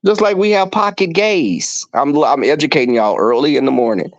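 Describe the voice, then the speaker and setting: A man livestreaming casually from home tells his viewers profane, campy stories in an animated manner. His voice is a little high and a little fast, with no room sound. The audio comes across as lo-fi, dull and dry.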